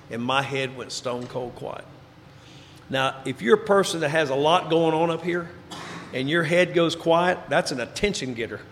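A man giving a personal recovery testimony, telling his story and dropping into quiet, low tones for emphasis. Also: slight background noise. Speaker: recovery speaker. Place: large hall before an audience. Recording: reverberant hall, faint ambience.

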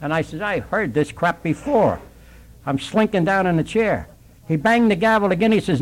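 A man's voice: high voice, animated, brisk, slight background noise, poor audio. An older man telling his sobriety story in a plainspoken, working-class way, acting out the dialogue. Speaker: recovering alcoholic sharing his story. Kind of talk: storytelling at a recovery meeting.

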